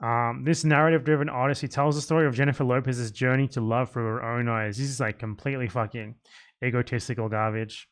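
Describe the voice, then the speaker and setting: A man hosts a livestream in casual banter, blunt and sarcastic, with frequent swearing. He talks quickly, at a mid-range pitch for a man. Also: fairly even intonation. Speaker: livestream host.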